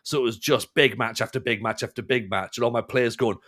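A man's voice: mid-range voice, fairly quick, a bit bright. A man hosting a casual podcast, rambling through stories with restarts and laughing at himself. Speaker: podcast host. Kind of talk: casual chat.

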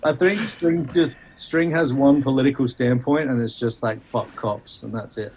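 A man's voice: medium pitch, moderate pace, a little mellow. A man, a podcast guest on a video call, chatting casually, laid back, swearing a lot and trailing off with a laugh.

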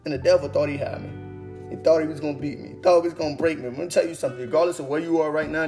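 A man's voice: a little high, steady tone, racing, gravelly. A young man giving an inspirational testimony talk, speaking with an earnest, preaching cadence that repeats phrases. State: emotional, holding back tears. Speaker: motivational speaker. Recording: faint guitar music behind. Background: soft guitar music.

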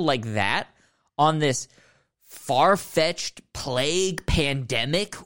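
Man, podcast host, sarcastic comedic rant, swooping animated pitch, rambling outbursts. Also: measured pace, long pauses. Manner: mock-serious, sarcastic, rambling with sudden outbursts. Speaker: podcast host ranking films.

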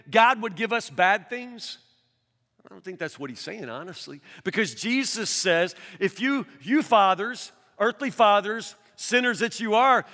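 A male pastor preaching an earnest sermon, repeating words as he presses his points and rising toward a shout. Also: very high voice. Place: church hall. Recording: long hall reverb.

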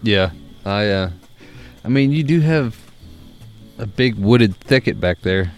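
A man's voice: fairly low pitch, slow, faint music behind. A young man, co-hosting a podcast in casual chat and telling stories with plenty of swearing. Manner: animated storyteller, swears freely. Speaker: podcast co-host.

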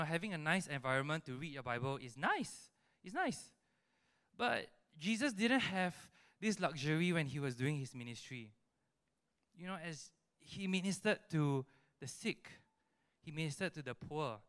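A man with a Singaporean English accent delivers a sermon to a youth congregation, in an animated style that keeps checking in with the crowd. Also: medium pitch, clean tone. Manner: animated preaching with frequent "right?" and "you know" tags. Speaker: youth preacher. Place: church service hall.

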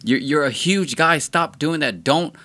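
A man's voice: unhurried, sharp tone. A man putting on the voice of an exasperated woman comic who tells him to stop hugging her, as he retells a story. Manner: raised-pitch mocking impression.

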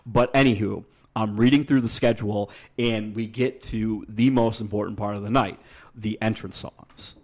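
A young man with a slightly low voice chats on a podcast. He tells stories with animated energy, voicing the people he quotes and swearing casually. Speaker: podcast co-host. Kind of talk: casual storytelling chat.

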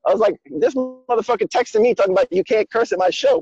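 A man's voice: extremely high pitch, quick pace, creaky, darkish tone, slightly rough, no room sound, muffled recording. A man telling a story in a loose, heavily profane, emphatic way. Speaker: guest speaker. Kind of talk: casual conversation.

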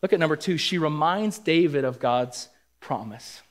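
Male pastor, slightly higher voice, earnest sermon delivery with rising emphasis. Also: lively intonation, moderate pace. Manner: earnest, building emphasis, acts out quoted lines. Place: church sanctuary.

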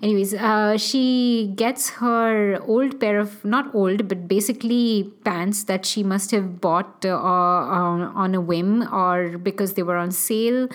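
A woman co-hosting a podcast in casual chat, talking hesitantly with many fillers and pauses. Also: mid-range voice, fairly even intonation. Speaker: podcast co-host.

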